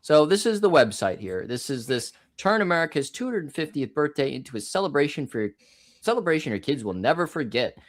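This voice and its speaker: A man's voice: on the high side, very animated, fairly quick. A man presenting a commentary segment in an upbeat presenter manner, with sarcastic asides about what he is showing.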